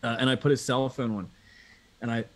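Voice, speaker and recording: A man from Pennsylvania, a guest on a live video call talk show, telling animated, profane anecdotes in a casual way. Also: mid-range voice, fairly quick. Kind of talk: casual storytelling chat.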